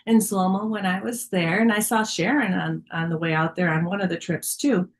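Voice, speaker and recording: A woman's voice: medium pitch, normal speed. Woman telling a candid personal story. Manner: candid, storytelling, many fillers. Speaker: group member sharing a story. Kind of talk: casual spiritual sharing in an online group.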